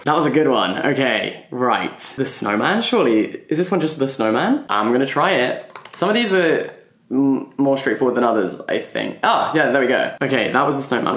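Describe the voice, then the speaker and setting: Guy talking to himself through a book puzzle, mid pitch, chuckly, kinda echoey room. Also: a bit bright. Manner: musing, chuckles often, mutters guesses to himself. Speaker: book vlogger. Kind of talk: thinking aloud while solving a puzzle. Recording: roomy echo.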